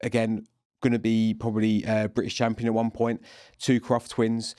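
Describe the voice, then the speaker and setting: A man's voice: fairly low pitch, completely flat delivery, normal speed, a little mellow, dry recording, studio quality. A man guest on a podcast, telling stories in a chatty, rambling way. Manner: chatty, rambling storyteller with many restarts. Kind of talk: casual chat.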